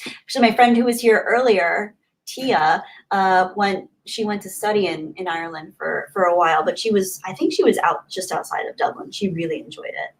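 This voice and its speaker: Speaking at a moderate pace in a mid-range voice, a woman hosts a relaxed livestream from home in Southern California. She laughs and chats as she reads her viewers' comments aloud.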